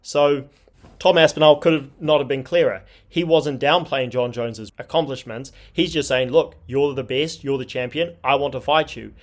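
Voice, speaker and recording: A man's voice: medium pitch, moderate pace. A man hosting a sports commentary channel, talking in an indignant, scornful tone. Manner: indignant, scornful, reads tweets aloud. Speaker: MMA commentary channel host. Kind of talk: opinionated commentary.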